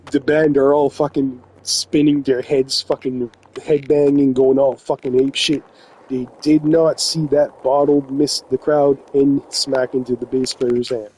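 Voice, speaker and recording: A man from New Brunswick tells a story in loose, swearing-heavy chat, laughing often as he rambles. His voice sits at an ordinary middle pitch. A faint hum of background noise runs under it. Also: flat delivery, measured pace, a little mellow, poor audio. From New Brunswick, Canada. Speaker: gaming vlogger telling a story. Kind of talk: casual storytelling.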